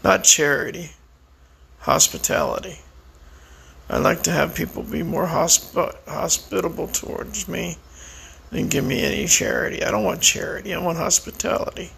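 A tired, weak-sounding man speaking slowly and reflectively in a personal monologue to the camera. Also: fairly high pitch, gravelly, sharp tone, slightly rough, low-quality recording. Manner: slow, reflective, prayerful. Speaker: vlogger.

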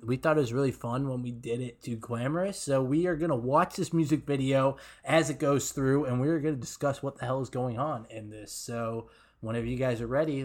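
A man in a relaxed podcast conversation, chatting about a song line by line. He laughs often and fills pauses with ums and quick restarts. His voice sits at an ordinary middle pitch. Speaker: podcast co-host. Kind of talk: casual podcast chat breaking down song lyrics.

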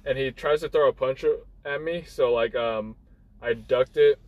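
A young man, the guest storyteller, rambles through a personal anecdote in casual chat, full of fillers and restarts and acting out what people said. His medium-pitched voice is unhurried and darkish. The audio is dull with slight background noise.

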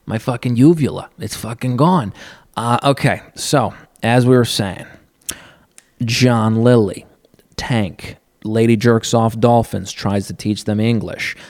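A man's voice: mid-range voice, takes it slowly, a little mellow, no room sound, studio quality. A man hosting a podcast, rambling through a crude, profane comedic monologue while seated on a stool at a counter, laughing often. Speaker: podcast host.

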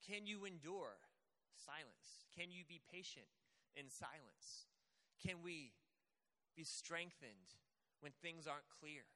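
A man's voice: fairly high pitch, pushed and bright. A young man preaching a casual sermon, speaking conversationally and acting out quoted voices. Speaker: pastor. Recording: long hall reverb.

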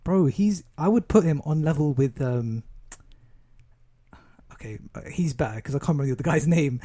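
Dark, mellow tone from a young man, co-hosting a relaxed podcast chat. He talks in an animated, jokey way and often laughs between remarks. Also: fairly high pitch, moderate pace. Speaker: podcast co-host. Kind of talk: casual chat.

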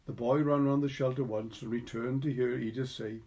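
Mellow Welsh male storyteller. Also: medium pitch, fairly even intonation. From Wales. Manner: measured storytelling reading. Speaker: reader. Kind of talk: scripted narration.

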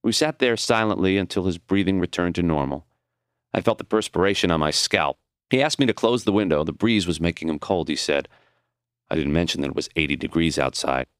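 A man narrating his own audiobook in an expressive, reflective reading. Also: sits low, a little fast, clean tone, no echo, clean studio sound.

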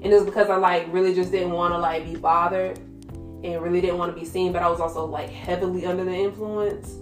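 A woman's voice: lowish voice, level tone, quick pace. A young woman candidly telling her faith story in casual chat, slangy and full of "like" fillers. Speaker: guest sharing her testimony. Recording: roomy echo with soft music behind.

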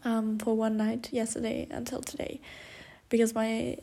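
Fairly high but flat, mellow with vocal fry, this young woman's voice moves at a moderate pace on her solo podcast. The casual chat rambles with fillers, restarts, and self-corrections, and she's confessional, emotional, and quick to laugh.

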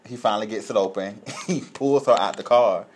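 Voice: medium pitch, brisk, a little hiss or hum. A co-host in a casual chat, telling stories and acting out the people in them. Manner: lively storyteller who acts out the people in the story. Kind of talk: casual chat, animated storytelling.

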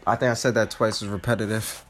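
A comedian from New Jersey, congested and sick, hosting a casual solo podcast, swearing freely, mocking himself and laughing often. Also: male voice, lowish voice, level tone, fast talker, fairly bright tone, a little hiss or hum. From New Jersey, USA.

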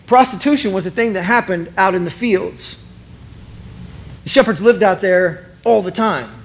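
A middle-aged man preaching in an animated, conversational way, acting out both sides of the dialogue he retells. His voice sits high for a man. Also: normal speed, a little hiss or hum. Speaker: pastor. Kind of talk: sermon.

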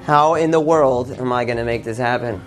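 An earnest, worn-out devout father mutters to himself, tired but determined, in a man storyteller's voice. The lines are a touch raised and eager. Soft music sits faintly behind. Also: medium pitch, brisk, lightly acted. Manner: earnest, breathless musing. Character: Kalman, weary devout man, sweating and earnest.

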